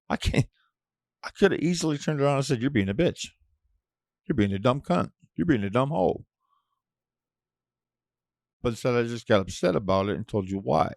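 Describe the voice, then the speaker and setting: Profane gravelly low-voiced man ranting. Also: no room sound, studio quality. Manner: profane, blunt, with sudden loud outbursts. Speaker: podcast host. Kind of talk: casual ranting monologue.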